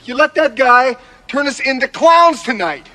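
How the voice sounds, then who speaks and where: A bitter, scornful musician. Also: male voice, very high voice, expressive, moderate pace, pushed and bright, heavily acted. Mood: contemptuous. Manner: contemptuous, cutting. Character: bitter man scolding his brother, proud musician.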